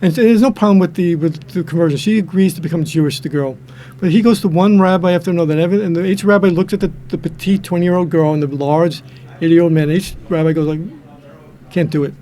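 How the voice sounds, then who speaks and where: A man's voice: on the high side, fast, mellow, slight background noise. An older man from the New York and New Jersey area, a guest in a casual chat, telling jokes in a rambling way with many restarts. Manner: rambling, repeats and restarts words, acts out quotes.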